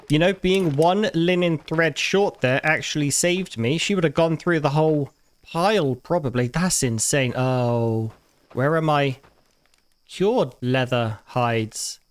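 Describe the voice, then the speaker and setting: A gaming YouTuber who regularly makes videos provides casual commentary over his own gameplay, talking to the characters and erupting into bursts of mock outrage. His voice is a little high, with lively intonation and an unhurried pace.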